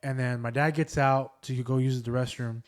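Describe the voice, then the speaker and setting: In this casual storytelling podcast, the male host recounts family ghost tales loosely, with lots of fillers. His medium-pitched voice stays steady and keeps a moderate pace.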